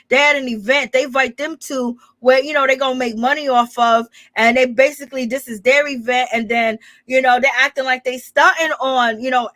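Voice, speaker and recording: A woman recaps reality TV drama in a loose, chatty way, laughing often and playing out what each person said. Her voice sits a little high and sounds bright and forward. The recording is dry and close. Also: dry recording. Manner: animated retelling with quoted dialogue. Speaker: gossip channel host.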